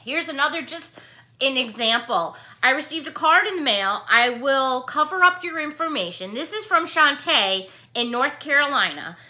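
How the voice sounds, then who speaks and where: A woman's voice: high voice, lively intonation, normal speed, pushed and bright. A middle-aged woman vlogging casually, effusively thanking viewers for cards between bursts of frustration. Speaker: YouTube vlogger. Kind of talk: casual chat showing mail to viewers.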